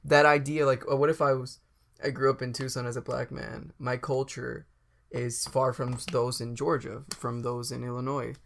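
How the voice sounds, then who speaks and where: A man's voice: medium pitch, level tone, moderate pace, creaky, fairly bright tone, a little hiss or hum. A man co-hosting a casual comedy podcast, rambling and laughing as he acts out little bits. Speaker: podcast co-host. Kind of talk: casual chat.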